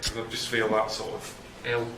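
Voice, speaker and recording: A man, presenting a travel documentary on location in a deadpan, weary, grumbling way. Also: fairly low pitch, moderate pace, background noise.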